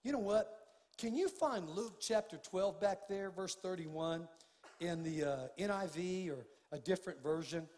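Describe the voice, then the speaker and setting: At a measured pace, an older man preaches heatedly from the pulpit, his pitch high for a male voice. His pastoral delivery alternates between quiet intimacy and forceful loudness, with the long echo of a spacious church behind his words.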